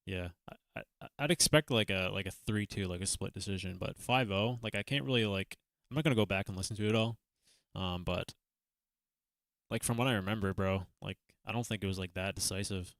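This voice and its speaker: A man's voice: fairly low pitch, a little fast, a bit bright, dry recording, clean studio sound. A young man hosting a reaction livestream, rambling casually with lots of fillers and the odd swear word. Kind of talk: casual chat.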